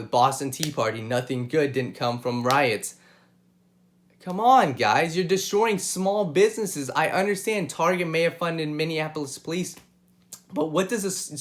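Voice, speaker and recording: A young man hosting his own sports show, talking straight to viewers in an impassioned way and repeating points for emphasis. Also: fairly high pitch. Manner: impassioned, repeats himself, addresses viewers directly. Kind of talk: solo sports commentary and opinion.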